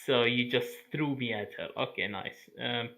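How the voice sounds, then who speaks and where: A man's voice: medium pitch, moderate pace, pushed and bright, poor audio. A man playing a tabletop game, protesting in exasperation and swearing at the other players.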